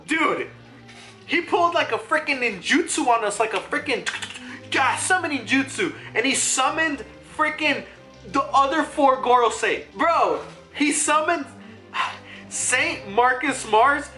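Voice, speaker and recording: A young adult fan reviewing a manga chapter in a rush of excitement, cursing and laughing as they go. The voice is bright and forceful, and the pitch leaps up and down all the way through. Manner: hyped, swears freely, laughs often. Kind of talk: excited casual commentary.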